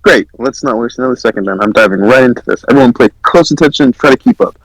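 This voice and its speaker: A man's voice: mid-range voice, fast, dry recording, low-quality recording. A man hosting a group reading stream, joking and rowdy, mock-officially calling everyone back to order. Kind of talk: casual chat.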